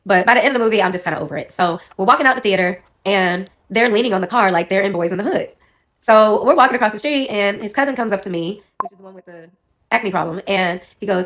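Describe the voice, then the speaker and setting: A woman under the weather tells a personal story in quick, rambling bursts and keeps correcting herself. She talks fast. Her voice sits at a middle pitch. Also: fairly bright tone. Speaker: storyteller in a clip.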